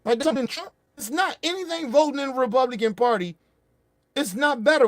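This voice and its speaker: A man's voice: very high voice, lively intonation, brisk, no echo, studio quality. A man hosting a show, ranting about politics in a heated, profane way with angry bursts. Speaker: show host.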